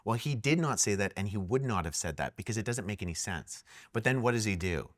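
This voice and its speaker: A man's voice: fairly low pitch, lively intonation, a little fast, a bit bright, no room sound, studio quality. A man co-hosting a casual theological discussion, earnestly explaining points and building them into lists. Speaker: apologetics ministry co-host.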